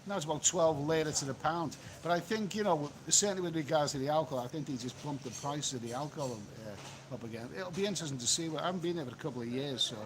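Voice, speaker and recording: A man's voice: on the high side, quick pace, a crowd in the background, low-quality recording. A man doing a rambling live-stream chat, reading out and answering viewer comments by phone from an outdoor beach cafe. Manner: chatty, rambling, repeats himself. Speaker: travel vlogger.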